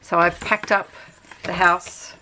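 A woman's voice: fairly low pitch, flat delivery, slow, pushed and bright, slight background noise. An Australian woman at home, chatting casually and rambling as a craft vlogger. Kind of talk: casual chat.

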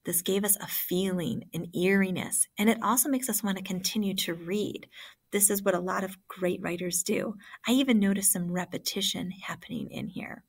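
A woman teacher leading an online class, explaining ideas one example at a time. Her voice sits at a middle pitch. She talks in a plain, guiding way and speaks straight to her students. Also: steady tone, normal speed, creaky.

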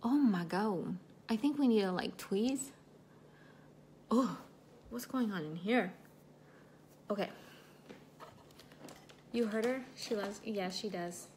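A livestream host with a mid-range, slightly mellow voice chats casually, speaking slowly and pausing often. She reads viewer comments while doing her makeup and gets emotional about her broken foot, with slight background noise.

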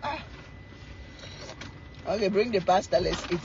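A middle-aged woman, chatting casually to camera as a cooking vlogger, telling stories in a teasing, animated way and laughing often. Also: medium pitch, a little slow, muffled recording, noisy background.

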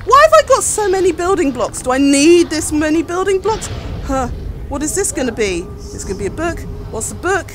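High, lively, frightened woman streamer. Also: brisk, background noise. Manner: panicky, pleading, swearing. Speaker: gaming streamer. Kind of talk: reactive gameplay commentary.

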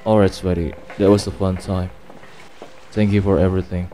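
A man's voice: sits low, little pitch movement, moderate pace. A man commentating his gameplay casually, playfully polite and chatting to the characters. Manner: chivalrous, playfully polite, talks to game characters. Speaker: gameplay streamer. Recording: voice over game music.

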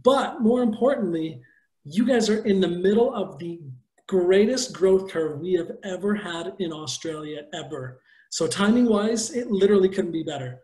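High-voiced energetic man, echoey call. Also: normal speed. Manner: energetic, joking and salesy. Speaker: company executive. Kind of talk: upbeat pitch on a video call.

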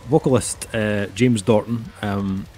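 Unhurried and mellow, this middle-aged man's lowish voice holds a steady tone over faint background music. He's co-hosting an album review in a loose, rambling way, leaning heavily on "um" and "kinda."

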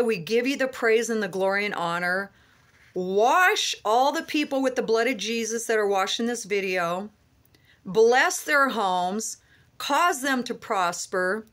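A woman's voice: medium pitch, fairly bright tone. A woman speaks fervent words of encouragement and prayer to her online viewers. She repeats her phrases with rising insistence, and her voice sounds tearful and moved. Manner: fervent, repetitive exhortation. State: tearful, emotional. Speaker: online prophetic minister. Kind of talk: emotional prayer and prophetic encouragement.

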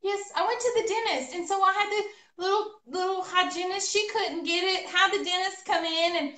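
High bright-voiced woman telling a story. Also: normal speed. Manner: animated, laughing storyteller. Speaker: co-host of a painting livestream. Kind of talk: casual storytelling chat. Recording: echoey room, voice a bit far from mic.

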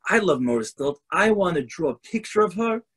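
A man's voice: high-pitched, sing-song, a little fast, a bit bright, breathy edge, pitched above the performer's own voice, heavily acted. A man voicing a sensitive young schoolgirl who loves to color, speaking in a raised, childlike way. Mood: excited.

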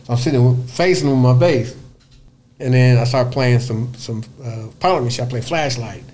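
A man who plays bass, guest on a radio interview, telling a story in a lively, profane way, acting out other people's voices and humming bass lines. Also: normal speed, slight background noise. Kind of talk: animated storytelling in casual interview. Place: radio studio.

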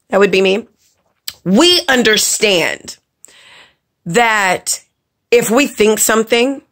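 A woman's voice: a little high, a bit bright. A woman ranting to camera as a vlogger, blunt and profane, scolding and repeating words for emphasis. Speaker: vlogger and makeup teacher. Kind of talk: angry casual rant to camera.

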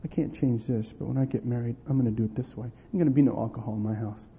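Fast and gravelly in a mid-range voice, a middle-aged pastor tells family stories from the pulpit, laughing and animatedly acting out quoted dialogue. The audio is tinny lo-fi with a long hall reverb.

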